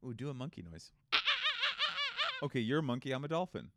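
A man's voice: medium pitch, very animated, brisk, heavy background noise. A young man co-hosting a podcast in casual comedic chat, joking and slipping into silly voices. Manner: jokey, slips into silly put-on voices. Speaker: podcast co-host.

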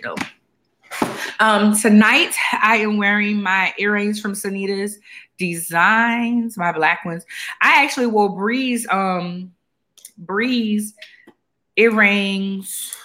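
A woman's voice: medium pitch, sharp tone. A woman co-hosting a podcast in casual chat, rambling with fillers and sounding tired. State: tired, yawning. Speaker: podcast co-host.

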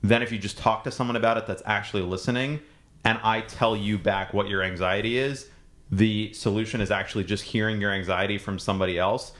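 Calm, lowish-voiced man explaining. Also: brisk. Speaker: podcast co-host. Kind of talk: casual chat.

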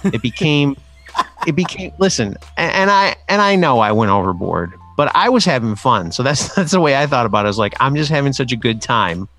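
A man's voice: mid-range voice, fairly quick, soft background music. A man co-hosting a live-streamed talk show, chatting casually, laughing and acting out quotes as he tells stories. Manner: animated, laughing storyteller who acts out quotes. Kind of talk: casual chat.

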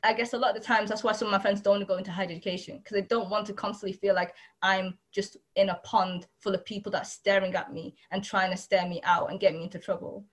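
Fast, emphatic young British woman. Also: medium pitch, steady tone. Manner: earnest, emphatic, builds points in repeated lists. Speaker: panel speaker. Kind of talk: personal testimony.

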